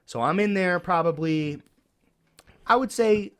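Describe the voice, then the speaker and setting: A man's voice: sits high, unhurried. A man co-hosting a casual podcast chat, telling a story with lots of swearing and acting out what others said, with a New York accent. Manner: animated storyteller, swears often, acts out other people's lines. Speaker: podcast co-host.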